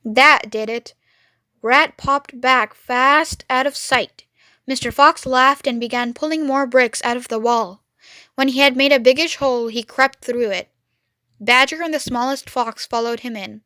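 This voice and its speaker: A woman reading a children's book aloud, clear and expressive. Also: high-pitched, a little slow, no room sound, studio quality. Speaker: storyteller. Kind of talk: children's read-aloud narration.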